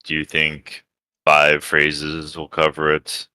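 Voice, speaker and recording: Deep, slow, deadpan Texan man. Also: clear, resonant tone, dry recording. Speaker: player. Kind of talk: casual out-of-game table chat.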